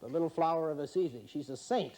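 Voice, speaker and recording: A man hosts a quiz game with a voice a little higher than most men's. He plays it wry and mock-serious and teases the contestants, with the audience in the room. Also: quick pace, warm tone, slightly rough. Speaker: game show host. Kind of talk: joking quiz-show hosting. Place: in front of a studio audience.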